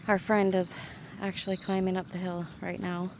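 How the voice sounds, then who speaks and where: A woman with a somewhat low voice talks casually to her viewers while walking outdoors in a quiet valley. Her phone picks her up in the open air, with clear nature noise of water and insects all around. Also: little pitch movement. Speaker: vlogger. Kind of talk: casual nature walk vlog. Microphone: handheld phone camera. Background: rushing water, insects and birds.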